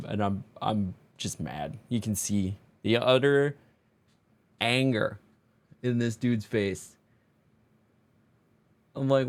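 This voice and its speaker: A man streamer doing voice-over commentary on his card game play, self-mocking and exasperated, swearing freely. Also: fairly low pitch.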